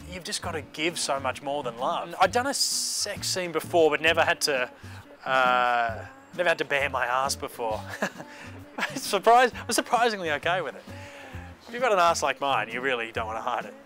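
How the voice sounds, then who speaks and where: Actor talking freely between takes, bright and slightly high, with a soft music bed under him. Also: male voice. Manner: chatty, self-mocking, with fillers. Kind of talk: behind-the-scenes interview. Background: background music.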